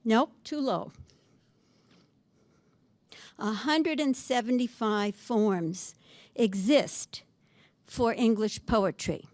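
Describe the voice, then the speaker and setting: An older woman gives a library lecture on poetry, speaking slowly in a fairly high voice. She reads lines of verse with care, then talks about them in a friendly way. The sound is dry and close, with no room echo. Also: darkish tone.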